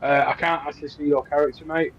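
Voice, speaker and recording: A man trades easygoing, joking banter during a gaming livestream. His voice comes through muffled and lo-fi, with a steady murmur of crowd noise behind him. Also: a little high, fast talker. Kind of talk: casual gaming chat.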